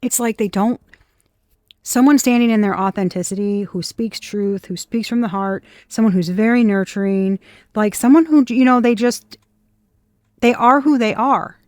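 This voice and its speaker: A woman's voice: a little high, normal speed, a little mellow, no room sound, studio quality. A woman doing a casual tarot reading to camera, blunt and scornful, swearing freely. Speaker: tarot reader.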